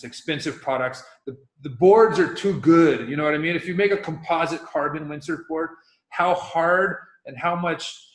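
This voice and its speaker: A middle-aged man from Hawaii speaks as an interview guest in a slightly high voice, talking loosely and circling back on himself with restarts. His voice carries room echo. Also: fairly bright tone. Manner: rambling, loose, with many restarts. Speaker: guest, professional windsurfer. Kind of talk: casual interview talk.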